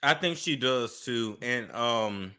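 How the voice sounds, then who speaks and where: Lively joking man, bright voice. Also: mid-range voice, slow pace, clean tone. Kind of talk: casual celebrity gossip chat.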